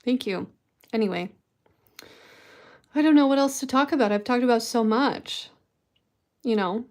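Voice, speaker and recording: A woman on a live stream answers her chat, rambling casually and poking fun at herself for her viewers. Her voice is on the high side and she talks at a normal speed.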